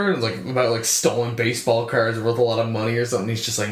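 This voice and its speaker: A man's voice: medium pitch, steady tone, fast talker, few pauses. A young man co-hosting a podcast, telling stories with lots of swearing and acting out scenes in casual chat. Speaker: podcast co-host. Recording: roomy sound.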